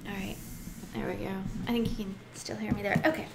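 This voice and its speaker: A chatty, giggly woman teaches a Bible study, reading passages aloud and pausing to reflect on them. Her voice sits at a middle pitch and carries a roomy echo. A faint hiss runs underneath. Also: little pitch movement, gravelly. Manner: chatty, giggly, reads scripture aloud and muses on it. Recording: echoey room with faint noise.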